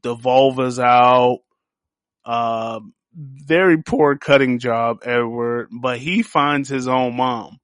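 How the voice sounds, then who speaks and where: A man hosting a podcast, giving a casual solo review of a TV series, telling it as an animated, profane story. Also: medium pitch, slow, clear, resonant tone, dry recording, clean studio sound. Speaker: podcast host.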